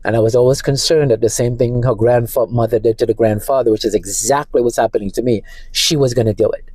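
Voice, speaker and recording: A shaken man talking through a distressed personal monologue from his parked car, halting and repeating himself. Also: mid-range voice, steady tone, a little mellow, breathy edge, no echo, poor audio. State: emotionally shaken. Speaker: vlogger.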